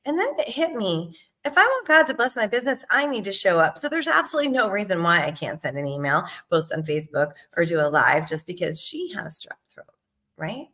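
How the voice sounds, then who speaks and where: A middle-aged woman sales coach talking casually to her viewers, animated and emphatic, with frequent "right?" and "okay?" asides. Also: mid-range voice, brisk. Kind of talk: casual talk to camera.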